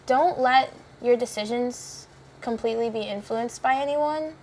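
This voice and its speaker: A woman's voice: fairly high pitch, measured pace, a little mellow, slight background noise. A teenage girl who is a cast member of a musical, answering interview questions in a chatty, casual way full of fillers. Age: teens.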